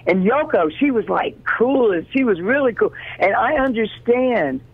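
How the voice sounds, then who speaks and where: A woman in her sixties from Chicago, telling stories as an interview guest in an animated, chatty way and often repeating words as she starts a sentence. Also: fairly high pitch, normal speed, breathy edge, dry recording. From South Side Chicago. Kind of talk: casual storytelling. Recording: phone-like narrow sound.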